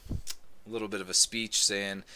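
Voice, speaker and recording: A man casually recapping a comic book volume, rambling and filling gaps with "um" as he gets excited about the story. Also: fairly low pitch, a little slow, a little hiss or hum. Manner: rambling, many "um"s, excitable retelling. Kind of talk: casual plot recap review.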